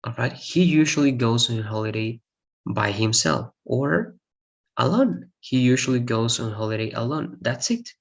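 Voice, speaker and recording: A man's voice: medium pitch, normal speed, muffled recording. A man with a Spanish accent teaching an English grammar lesson, often checking understanding with "right?" and stressing key words. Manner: repeats "right?" to check understanding, lively emphasis.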